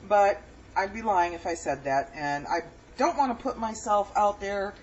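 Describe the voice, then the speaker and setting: A woman's voice: medium pitch, lively intonation, normal speed, darkish tone, highs cut off, a little hiss or hum. A woman chatting casually in a home cooking vlog. She rambles as she tastes her food, with lots of pleased mm's. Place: home kitchen.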